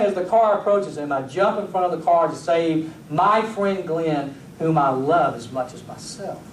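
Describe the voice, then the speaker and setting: This pastor's voice sits on the high side, moving at a moderate pace with few pauses as he animatedly tells stories, acts out scenes and addresses the congregation directly. The church sanctuary is echoey, his voice comes from a distance, and there's slight hiss or hum.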